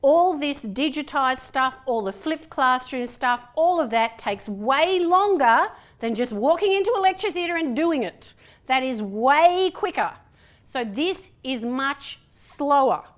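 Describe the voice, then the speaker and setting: A middle-aged woman with a broad Australian accent speaks to a conference audience in a lecture hall. Her voice sits high and she talks in a chatty, animated way, often acting out little exchanges. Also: unhurried. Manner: chatty, animated, acts out dialogue. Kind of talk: lively conference talk.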